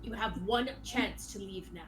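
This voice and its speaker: A woman voicing a pompous male skeleton knight who speaks in booming, formal old-fashioned phrases. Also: a little slow, lightly acted. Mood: stern. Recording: noisy background.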